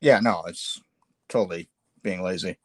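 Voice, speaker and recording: Casual male artist host, lowish voice, rambling and filler-heavy, dry close mic. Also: no echo. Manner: halting, filler-heavy, self-deprecating. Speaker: artist hosting a live painting stream. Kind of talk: casual chat while sketching.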